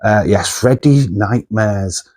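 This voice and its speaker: Rambling man, lowish voice. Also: takes it slowly, darkish tone. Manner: chatty, loose, full of fillers and asides. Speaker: movie channel host. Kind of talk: casual rambling movie chat.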